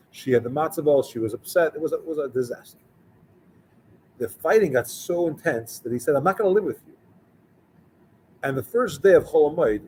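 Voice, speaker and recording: A man's voice: medium pitch, darkish tone, slight background noise, rough recording. A man speaking as a rabbi, telling a story in a conversational sermon and acting out the dialogue of its characters. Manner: conversational, acts out the dialogue of the people in his story.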